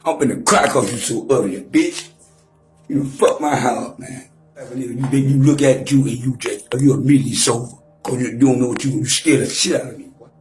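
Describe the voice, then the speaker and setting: A man's voice: medium pitch, a little mellow, echoey room. A man in his forties trash-talking and taunting on a profane livestream rant, mock-rapping at times. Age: 40s.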